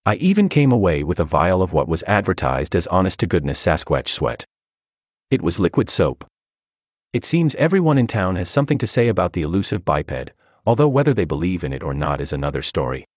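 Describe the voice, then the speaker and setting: A man reading a feature article aloud as scripted narration, in an expressive storytelling manner. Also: sits low, brisk, no room sound, clean studio sound.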